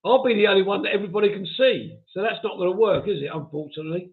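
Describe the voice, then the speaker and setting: A man's voice: sits high, rapid-fire. A man hosting a live stream, reading viewer comments aloud in a chatty, self-mocking way and chuckling often. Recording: tinny phone-like audio.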